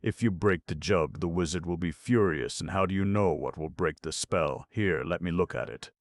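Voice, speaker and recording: A man's voice: deep voice, normal speed, no echo, clean studio sound, voice pushed up. A man voicing a timid, fretful royal ox in a storybook, nervous and pleading. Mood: fearful.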